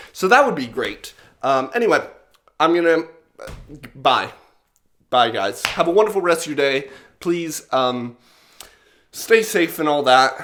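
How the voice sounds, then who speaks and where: A man's voice: mid-range voice, a bit bright. A man vlogging in a casual, rambling storytelling way, self-mocking and full of fillers.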